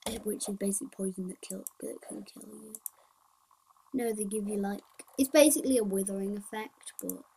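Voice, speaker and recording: A woman's voice: mid-range voice, fairly even intonation, gravelly, warm tone, breathy edge, rough recording. A woman hosting a casual solo podcast, rambling and thinking aloud as she reads out game update notes. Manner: thinks aloud with pauses and restarts. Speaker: podcast host.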